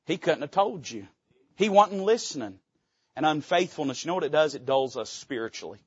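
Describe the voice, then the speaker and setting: A man's voice: fairly high pitch, animated, fairly quick, breathy edge, no echo, muffled recording. A male pastor preaching from a church pulpit, emphatic and folksy. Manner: emphatic, folksy, quotes old scripture aloud. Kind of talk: sermon.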